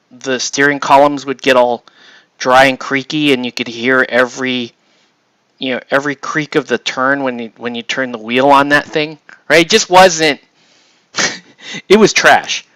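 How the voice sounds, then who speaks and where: Bright-voiced man telling a rambling story. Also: medium pitch, no echo. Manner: rambling, many restarts and "right?" tags. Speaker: painting streamer telling a story. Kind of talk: casual storytelling chat. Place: home hobby room.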